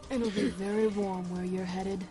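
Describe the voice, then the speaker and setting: A woman's voice: medium pitch, fairly even intonation, normal speed, lightly acted. A woman playing a sardonic vampire heroine in a video game. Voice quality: dry, sardonic.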